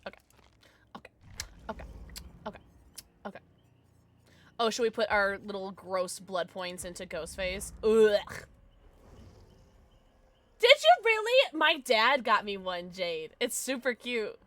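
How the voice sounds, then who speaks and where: A woman's voice: mid-range voice, normal speed, bright, forceful tone. A young adult woman streaming from home, chatting casually and gushing at her chat with sudden squeals.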